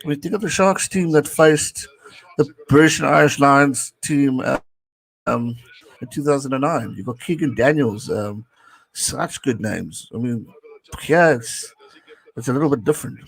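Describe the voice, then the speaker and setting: A man's voice: medium pitch, unhurried, vocal fry, breathy edge, rough recording. A young man giving casual live watch-along commentary on a rugby match, chatting with viewers and reading out their messages.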